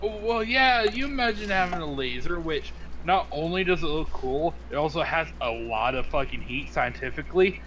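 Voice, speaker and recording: A man's voice: on the high side, animated, normal speed, few pauses, a bit bright, low-quality recording. A man co-hosting a casual movie podcast, hesitant, searching for names with many ums and swearing casually. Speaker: podcast co-host. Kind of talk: casual movie review chat.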